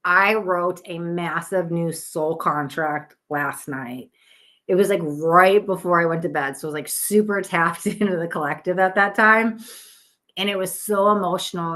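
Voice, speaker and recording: A tired woman with a lowish voice hosts a live psychic stream from home. She talks in a chatty, earnest way, restarting her sentences and guiding listeners softly through breathing. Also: moderate pace. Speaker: psychic tarot reader hosting a live stream. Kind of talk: casual live-stream chat.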